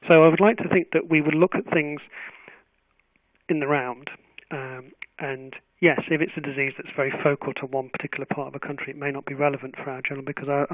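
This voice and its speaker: A man answers questions in a webinar as a journal editor. His voice sits a little high, and he is thoughtful and measured, restarting his phrases often. The audio is tinny, phone-like and dry. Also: no room sound.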